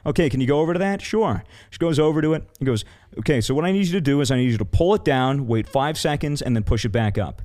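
A man's voice: mid-range voice, fast talker, hardly any pauses, a little mellow. A man in casual podcast talk, telling a story with plenty of swearing and acting out the people he quotes. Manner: profane, acts out quoted voices.

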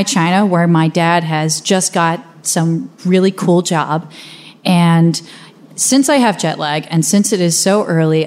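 A young adult American woman with a low, darkish voice tells a personal story in the first person. Her storytelling is conversational and vivid.

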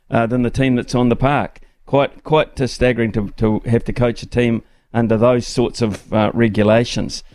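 A man with a New Zealand accent hosts a talkback radio show from the studio mic, his voice sitting in an ordinary middle pitch. He talks conversationally, stumbling through plenty of ums and restarts. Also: clear, resonant tone.

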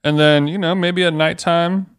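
A man's voice: fairly high pitch, fairly even intonation, moderate pace, a bit bright, clear, resonant tone, dry recording, clean studio sound. A young man co-hosting a podcast, joking and laughing a lot in casual chat. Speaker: podcast co-host.

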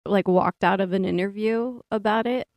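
A woman's voice: mid-range voice, moderate pace, darkish tone, dry recording. A woman co-hosting a podcast, chatting casually, with short, wry remarks. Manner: brief, wry replies and backchannels. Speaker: podcast co-host. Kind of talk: casual chat.

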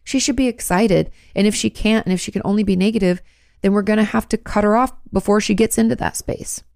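A woman's voice: medium pitch, steady tone, quick pace, vocal fry, a little mellow, no room sound, clean studio sound. A woman therapist giving direct, reassuring advice in answer to viewers' questions. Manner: direct and reassuring, coaching the listener.

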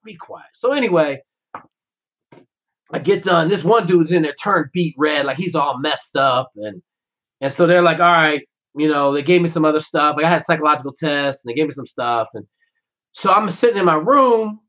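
Brash, animated man telling stories. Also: on the high side, moderate pace. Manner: profane, brash, animated storytelling. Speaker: podcast guest, former Navy SEAL. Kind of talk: casual storytelling. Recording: dull lo-fi podcast audio.

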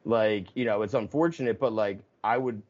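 A man hosting a casual conversation, telling stories in an animated way with swearing and laughs. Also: lowish voice, normal speed, lo-fi sound. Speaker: podcast host.

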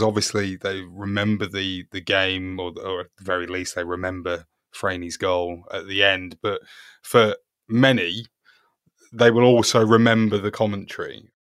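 A man's voice: sits low, a bit bright, dry recording. A man hosting a podcast, thanking his guest and reading the show's closing announcements. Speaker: podcast host. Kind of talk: interview and scripted podcast outro.

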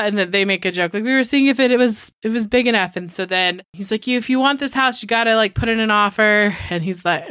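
A woman's voice: medium pitch, a bit bright, no room sound, studio quality. A woman co-hosting a podcast, casually recapping a film in a chatty, profane way and laughing often. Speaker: podcast co-host.

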